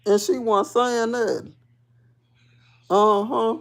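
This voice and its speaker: A woman with a gravelly, creaky voice chats on her live stream. Her talk is rambling and repetitive and sprinkled with "baby" and "honey". She sinks into a low, subdued murmur, then bursts up high and loud as she retells what happened, laughing along the way. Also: takes it slowly, long pauses. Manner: laughs while telling the story. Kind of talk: casual live stream storytelling.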